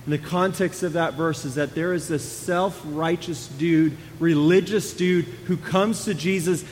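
High-voiced man preaching in an echoing hall. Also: fairly even intonation, unhurried, a little hiss or hum. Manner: conversational, swings between hushed and emphatic. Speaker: pastor. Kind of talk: sermon.

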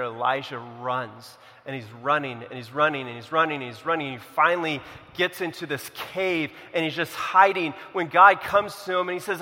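A male pastor preaching a sermon, telling a story with acted-out voices and swinging from loud to hushed. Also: fairly high pitch, in a large hall. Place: church.

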